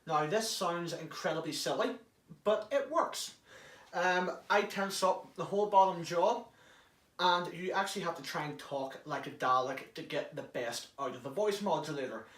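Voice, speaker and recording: Man explaining a hobby technique, chatty, jokey, a bit foul-mouthed, higher voice, echoey from far off the mic. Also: animated, moderate pace, a bit bright. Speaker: prop hobbyist. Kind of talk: casual how-to demonstration. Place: inside an enclosed prop casing.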